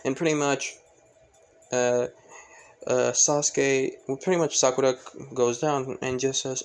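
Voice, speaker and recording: A man's voice: mid-range voice, steady tone, a little slow, smooth. A man casually narrating a fan story, rambling with many fillers and self-corrections.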